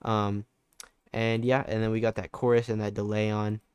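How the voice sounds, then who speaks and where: Laid-back young man, low even voice. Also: moderate pace, clean tone, dry recording. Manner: laid-back, loose, with fillers and restarts. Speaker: music producer tutor. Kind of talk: casual screen-recorded tutorial.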